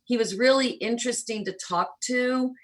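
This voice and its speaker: A woman around sixty from rural Kentucky with a faint Southern accent, telling stories as a guest in an interview, shifting between quick runs and slow, deliberate phrases. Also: fairly high pitch, faint music behind, low-quality recording. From rural Kentucky, USA. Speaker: guest, church planter. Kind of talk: conversational interview storytelling.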